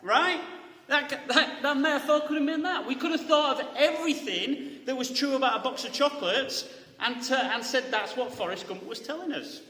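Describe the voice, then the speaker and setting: A man's voice: very high voice, moderate pace, bright, forceful tone. A man preaching a conversational sermon, often checking in with the congregation by asking "right?" and restarting his phrases. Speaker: pastor. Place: church hall. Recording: echoey hall with long reverb.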